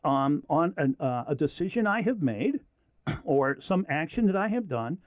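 A man leads a Bible lesson as an animated storyteller, his slightly high voice swooping up and down as he drives his points home. The sound is dry and close, with no room echo. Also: moderate pace. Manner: animated storyteller who acts out quoted lines. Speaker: Bible teacher.

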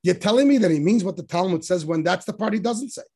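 High-pitched and fast, with a darkish tone and a breathy edge, a Torah teacher animatedly explains religious commentary in a text study class. Emphatic rhetorical questions punctuate his teaching, and his voice rises on quotations.

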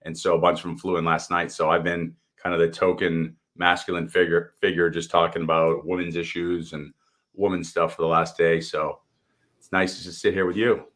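A man co-hosts a casual talk show, speaking in a relaxed, rambling way full of fillers and pauses. His voice sits very low. He comes across as a coach thinking out loud. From Austin, Texas. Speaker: co-host, coach. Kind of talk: casual podcast chat.

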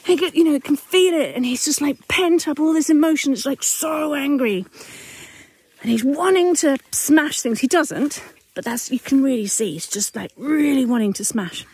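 A woman's voice: high-pitched, expressive, moderate pace, a little mellow, no room sound. A mother hosting a parenting podcast, talking candidly and chattily while walking up a hill outdoors at dusk. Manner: candid, chatty, self-correcting. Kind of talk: casual reflective monologue.

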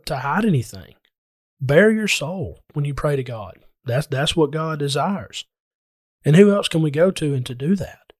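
A man's voice: on the high side, no room sound, studio quality. A man preaching a sermon in an earnest, explanatory way, speaking directly to his listeners.

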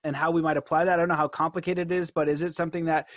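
A man's voice: a little high, little pitch movement, racing, a bit bright, no echo, studio quality. A man hosting a podcast, talking casually with frequent fillers and easy laughs. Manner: casual, laughs often, lots of fillers like "you know" and "like". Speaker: podcast host and hypnotist. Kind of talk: podcast conversation.

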